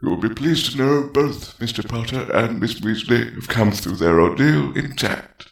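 A man voicing a calm, courteous elderly male headmaster with a measured, polite delivery. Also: medium pitch, creaky, roomy sound, pitched above the performer's own voice. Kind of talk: audiobook fan fiction reading.

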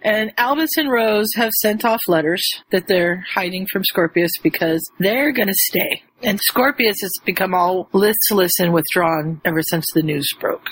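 A woman casually retelling a story as a podcast co-host, animated and quick to jump into high voices for the people she quotes. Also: a little hiss or hum, low-quality recording. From rural area with chicken farms. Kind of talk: casual chat.

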